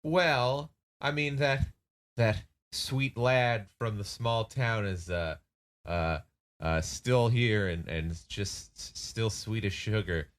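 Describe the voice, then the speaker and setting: A man voicing a bitter young male necromancer who grumbles in a halting, resentful way. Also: lowish voice, pitched above the performer's own voice.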